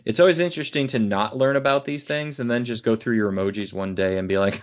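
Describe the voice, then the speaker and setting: A man's voice: medium pitch, fast talker. A man co-hosting a podcast in casual chat, joking and telling rambling stories, on muffled lo-fi audio. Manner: rambling storyteller, jokey. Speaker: podcast co-host.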